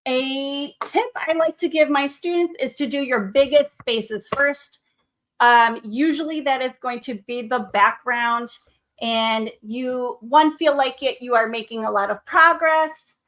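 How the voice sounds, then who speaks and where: A woman's voice: sits high, a little slow, a bit bright. A woman art teacher leading a painting tutorial for children, upbeat and encouraging, speaking to the viewer as to her students. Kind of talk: classroom drawing tutorial.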